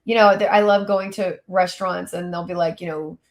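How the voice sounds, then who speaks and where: A woman's voice: fairly low pitch, fairly even intonation, brisk. A woman from Louisiana, a voice actor and singer, chatting casually as an interview guest in a self-deprecating way.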